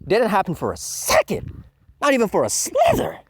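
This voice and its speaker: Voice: medium pitch, huge pitch swings, moderate pace, husky. A manga reviewer ranting casually, profane and scornful, tossing in "man" at nearly every turn. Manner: profane, scornful, says 'man' constantly.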